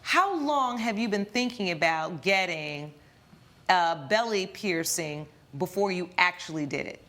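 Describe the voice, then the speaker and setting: A woman presiding as a television court judge, questioning the parties in a measured, probing, authoritative way. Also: lowish voice, expressive, a bit bright, soft background music.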